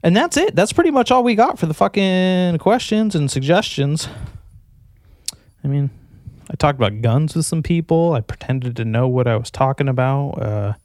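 A man's voice: a little high, expressive, moderate pace, darkish tone, no room sound. Profane rambling man, dry close sound. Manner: profane, rambling and self-mocking. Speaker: podcast host. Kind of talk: casual solo podcast monologue. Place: at home with his dog.

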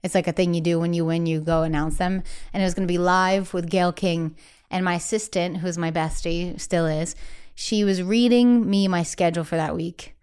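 A young adult woman, a singer-songwriter being interviewed, talking candidly and casually, with frequent "like" fillers and lively acted-out quotes. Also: on the low side, moderate pace, smooth. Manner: chatty, many "like" fillers, acts out quoted voices.

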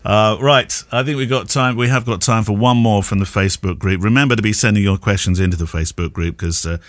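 Chatty man, low and dry. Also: no room sound. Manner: chatty, advice-giving, quick to laugh. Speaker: podcast co-host, wedding photographer. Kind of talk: casual podcast chat.

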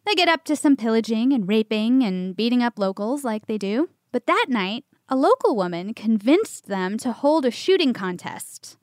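A woman co-hosting a casual storytelling chat, animated, laughing often and swearing casually. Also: a little high, normal speed, few pauses, no echo, studio quality. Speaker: podcast co-host.

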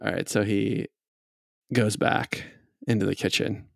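رجل يدير لعبة أدوار كمدير اللعبة، يروي ببطء ويضحك كثيرًا. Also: male voice, on the low side, steady tone, a little slow, vocal fry, no echo, clean studio sound. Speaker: game master. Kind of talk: narrating a tabletop game.

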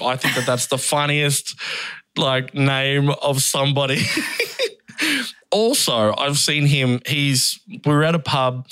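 A man's voice: mid-range voice, clear, resonant tone, no echo. Laughing man telling stories. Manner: animated, laughs often while telling stories. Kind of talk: casual storytelling chat.

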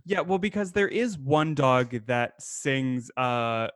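A man co-hosting a casual podcast about an old film, rambling and animated, laughing as he talks. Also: mid-range voice, slow pace, no room sound, studio quality. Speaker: podcast co-host.

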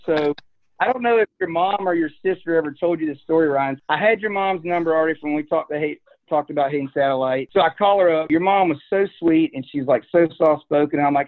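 A man's voice: fairly high pitch, a little fast. A man telling a rambling, laughing story about buying a horse, often repeating his words. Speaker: horse breeder. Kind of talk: casual storytelling. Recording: tinny phone-line sound.

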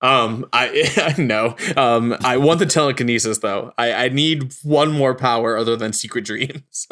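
A man with a bright, forward voice chats casually on a podcast. He is playful and laughs easily between his thoughts. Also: mid-range voice, unhurried. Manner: laughs often, relaxed and playful. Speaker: podcast co-host.

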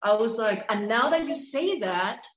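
A woman's voice: fairly high pitch, moderate pace. A woman with a Latin American Spanish accent chatting expressively as a guest. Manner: expressive, laughs while talking. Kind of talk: casual chat. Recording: roomy echo.

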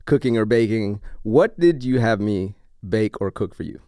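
A man's voice: fairly low pitch, lively intonation, moderate pace, dark tone, clear, resonant tone, no echo, studio quality. A man with an American accent hosting a podcast, laid-back and joking, saying "man" and "bro" a lot. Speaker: host. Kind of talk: casual podcast chat.

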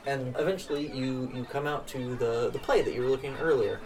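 A man's voice: mid-range voice, quick pace, noisy background. A man narrating a tabletop game as game master, rambling with many fillers. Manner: loose, rambling, lots of fillers. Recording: far from the mic with music behind.

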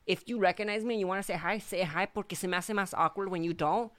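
A woman's voice: medium pitch, fast, fairly bright tone. A young woman from Michoacán with a Mexican accent, chatting casually between English and Spanish, joking and tough-talking.

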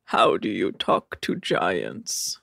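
A woman doing a slow, low, droning impression of a gloomy deadpan young man who seems as lifeless as a walking coffin. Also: gravelly, no echo, clean studio sound, full character voice.

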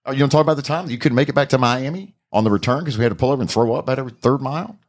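A man co-hosting a radio show, trading quick wisecracks in casual chat. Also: medium pitch.

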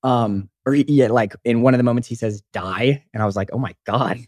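A young man co-hosting a podcast, telling stories in a rambling, animated way with lots of fillers. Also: medium pitch, quick pace, no echo. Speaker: podcast co-host. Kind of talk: casual chat.

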